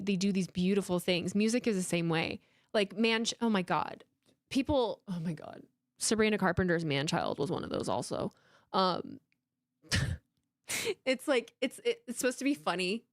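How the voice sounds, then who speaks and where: Streaming from home, this thirty-something woman leads a live watchalong, talking casually with lots of emotion and energy, cursing freely and often starting sentences over. The sound is studio quality and echo-free, and her voice is mid-range.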